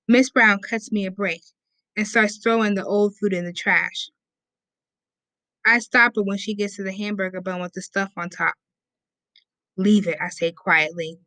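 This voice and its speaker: A woman's voice: mid-range voice, sharp tone, no room sound. A woman reading a novel aloud in first person, with a casual, conversational storytelling manner. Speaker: audiobook reader. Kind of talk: first-person audiobook narration.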